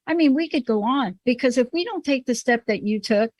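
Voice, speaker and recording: A woman's voice: a little high, animated, fairly quick, hardly any pauses, darkish tone, dry recording. A woman host from the Bronx with a New York accent, talking emphatically and telling personal stories in a conversational show. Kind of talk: conversational podcast talk.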